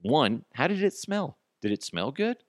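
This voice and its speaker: A man's voice: fairly high pitch, big pitch swings, unhurried, no echo, studio quality. A man hosting a comedy podcast, ranting sarcastically and swearing, sometimes acting out both sides of an argument. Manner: profane, sarcastic, acts out both sides of a dialogue. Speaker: podcast host. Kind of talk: comedic solo podcast rant.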